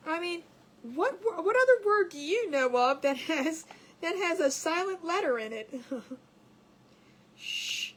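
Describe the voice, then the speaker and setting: A woman's voice: very high-pitched, lively intonation, slow pace, pauses often, a little hiss or hum. A woman hosting a live crafting stream, chatting casually and giggling as she reads viewer comments aloud. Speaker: craft livestream host.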